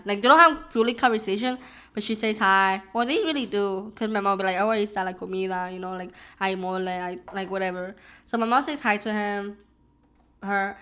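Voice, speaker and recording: A woman's voice: mid-range voice, bright, forceful tone, smooth. Rambling young woman telling a story. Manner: rambling, many "like"s and restarts. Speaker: vlogger. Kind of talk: casual storytelling while eating.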